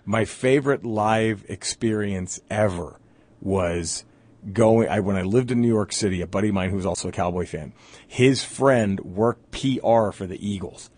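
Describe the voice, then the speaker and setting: A man, a comedian guest on a sports radio show, telling a story in an animated way and loudly mimicking rowdy fans, recorded on a close studio mic. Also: on the low side, moderate pace, no echo. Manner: excitable, shouts when quoting hostile fans.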